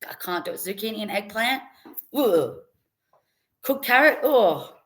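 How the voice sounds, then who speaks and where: A woman's voice: mid-range voice, lively intonation, measured pace, fairly bright tone. A young adult woman, a podcast guest, chatting casually and telling stories with frequent laughs. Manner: chatty storytelling, laughs often. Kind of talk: casual interview chat.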